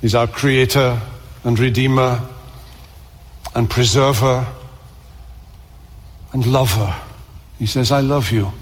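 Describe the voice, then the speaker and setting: A man's voice: medium pitch, fairly even intonation, slow, long pauses, in a large hall. A man preaching a sermon in a church, earnest and building emphasis through repeated phrases.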